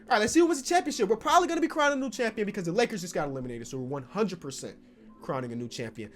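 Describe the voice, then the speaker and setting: Excitable man doing gaming commentary. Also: high-pitched, rapid-fire, faint music behind. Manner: excitable, bursts into loud shouts. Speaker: basketball YouTuber.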